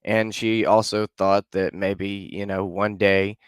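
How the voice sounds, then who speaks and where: A man's voice: fairly low pitch, level tone, takes it slowly, clean tone, no room sound, studio quality. A man casually retelling a folk tale as a podcast host, loose and conversational with frequent fillers. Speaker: podcast storyteller. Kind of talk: casual storytelling.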